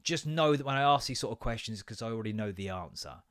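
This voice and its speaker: A man's voice: medium pitch, expressive, fast, fairly bright tone. A man, a podcast host telling an exasperated, sweary story about his kids. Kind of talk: casual ranting monologue.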